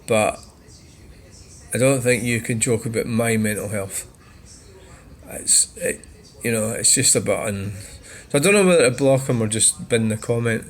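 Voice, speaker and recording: A Scottish man hosting a vlog, bluntly and swearily reacting to viewer comments. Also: medium pitch. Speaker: channel host.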